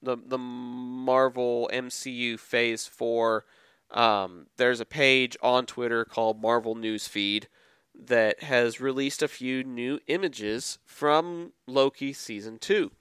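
Podcast co-host, male, smooth resonant voice, measured and thoughtful, dry. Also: mid-range voice, fairly even intonation, a bit bright, no echo. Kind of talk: casual chat.

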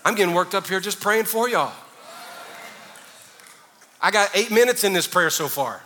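A man's voice: sits high, animated, moderate pace, pushed and bright, in a large hall. A man preaching a sermon, moving from teaching into fervent, half-sung prayer. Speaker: pastor.

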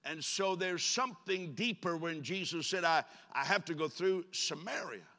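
A man preaching a sermon in a church, animated and joking with his congregation. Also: a little high, moderate pace. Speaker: pastor. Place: church sanctuary. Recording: long church reverb.

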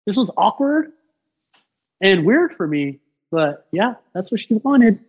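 A man with a fairly high voice chats loosely on a podcast about his work as a tattoo artist. He rambles and tells stories with lots of "like" and "you know", getting animated as he goes. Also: takes it slowly, breathy edge, highs cut off. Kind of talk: casual podcast chat, storytelling.

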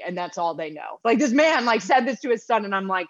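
An American woman telling stories in a casual podcast chat, profane and animated, recording from her apartment. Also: medium pitch, fairly quick, few pauses, no room sound, dull audio. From United States. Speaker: podcast guest. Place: apartment in London.

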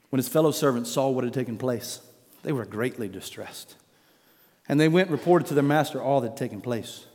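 A man preaching with a slightly high-pitched voice that climbs to loud declarations and falls low for weight. His words ring out with a long reverb of a big church sanctuary. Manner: emphatic preaching, rising to loud declarations then dropping low. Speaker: pastor. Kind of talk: sermon.

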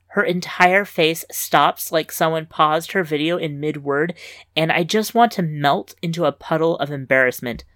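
A woman hosting and reading a story aloud in wry, lively first-person narration on a close mic. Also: sits low, normal speed, no echo. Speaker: story reader and host. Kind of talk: scripted fiction narration.

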